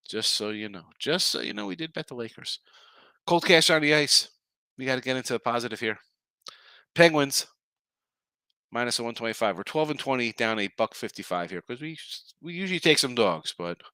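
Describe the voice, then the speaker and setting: An older man hosting a sports betting podcast, ranting sarcastically and gruffly before running through his daily picks. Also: mid-range voice, bright, forceful tone, dry recording.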